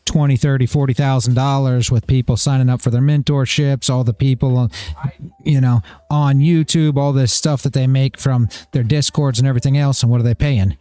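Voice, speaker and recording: A man's voice: medium pitch, fairly even intonation, brisk, warm tone, smooth, dry recording. A middle-aged man hosting a trading livestream, talking casually in a blunt, rambling way, repeating himself and swearing.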